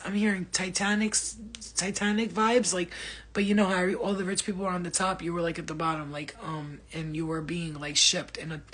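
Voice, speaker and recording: A woman's voice: fairly low pitch, fairly bright tone, breathy edge. A woman hosting a psychic live stream from home, rambling and blunt with frequent swearing, her throat dry. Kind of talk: casual live-stream reading.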